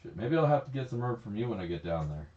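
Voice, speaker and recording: A man's voice: mid-range voice, sing-song, quick pace, mellow. A man chatting casually on a livestream, rambling, laughing often and swearing freely. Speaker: livestream host. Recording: echoey, slightly dull stream audio.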